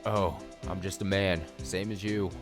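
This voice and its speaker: A man's voice: sits low, steady tone, unhurried, music in the background. A man voicing a laid-back cowboy detective with a Texan accent and a folksy, rambling drawl. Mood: lazy drawl. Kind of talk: let's play voice acting.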